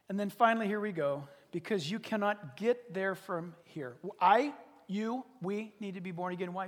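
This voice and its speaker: Animated high-voiced preacher man. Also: normal speed, in a large hall. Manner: animated, dramatic, drops to whispers, acts out scenes. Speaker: pastor. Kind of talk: sermon. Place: church service.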